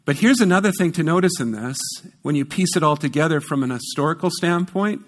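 A man preaching a sermon, emphatic and conversational, repeating key words for stress and correcting himself in quick asides. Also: fairly high pitch, animated. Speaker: pastor.

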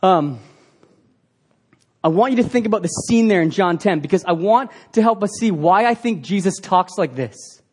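A man's voice: high-pitched, animated, normal speed, a little mellow. A man preaching a sermon as pastor, earnest and emphatic, asking the congregation rhetorical questions.

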